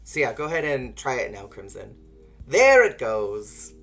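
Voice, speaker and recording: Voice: medium pitch, big pitch swings, measured pace, a bit bright, faint music behind. A streamer giving playful, giggly commentary on a live game playthrough and chatting with viewers. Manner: playful, giggly, talks to chat.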